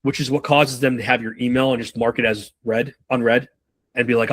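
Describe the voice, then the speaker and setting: A male sales trainer speaks to a room in a quick, loose, profane style. His voice sits at an ordinary pitch and he rattles through scenarios fast, slipping into short acted exchanges between reps and their buyers. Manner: animated, profane, acts out buyer and rep dialogue. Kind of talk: live sales training talk.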